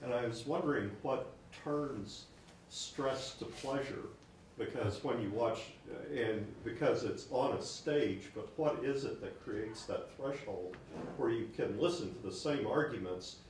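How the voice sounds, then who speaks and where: A man in the audience asking a question at a seminar, stammering and halting as he starts. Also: mid-range voice, a little mellow. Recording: very echoey, distant audience mic with faint noise.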